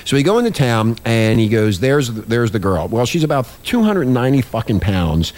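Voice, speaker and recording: A man's voice: mid-range voice, very animated, fairly quick, a little mellow. A man hosting a talk show, telling a crude story in a rambling, profane way that repeats itself. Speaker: podcast host.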